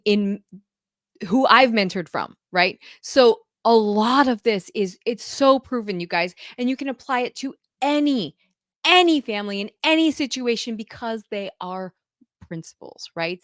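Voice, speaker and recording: A woman's voice: medium pitch, fairly bright tone, no echo, clean studio sound. Gushing woman homeschool mentor. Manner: gushing, effusive, laughs often. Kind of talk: casual talk to camera.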